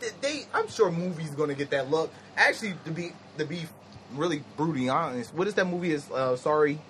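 A man's voice: fairly high pitch, animated, a little fast, fairly bright tone, a little hiss or hum. A man co-hosting a podcast, laid-back and slangy in casual chat. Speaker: podcast co-host.

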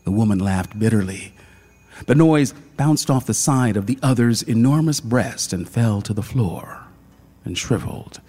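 Slow, breathy male storyteller. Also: fairly low pitch, animated. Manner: slow, hushed, dramatic. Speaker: narrator. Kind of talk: literary story reading.

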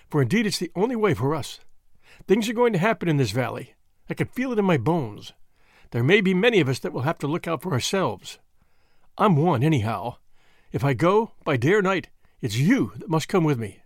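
Spoken by a male audiobook reader, an earnest young man of a secret society pleads and commands with lively swings in his voice. He is close and dry on the recording, slightly higher-pitched than most men. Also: a little fast, dry recording. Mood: earnest, tender. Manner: earnest, forceful pleading and solemn speechmaking.

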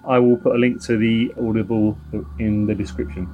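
A man's voice: lowish voice, little pitch movement, moderate pace, lo-fi sound, slight background noise. A middle-aged man with a London accent, co-hosting a podcast in casual, joking banter. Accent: London English. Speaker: podcast co-host. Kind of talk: casual chat.

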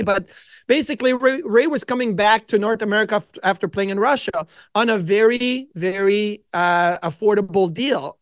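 A middle-aged man, a podcast guest, telling stories in an animated way and acting out his own quotes. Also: high-pitched, no echo. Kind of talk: casual storytelling interview.

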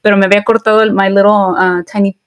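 A woman chats quickly on a casual podcast, switching easily between English and Spanish. Her voice sits at a middle pitch. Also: flat delivery. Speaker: podcast co-host.

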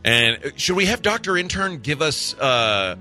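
A man's voice: on the high side, very animated, normal speed, sharp tone, soft background music. A man co-hosting a sports radio show, easygoing and thinking aloud in casual chat. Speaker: co-host.

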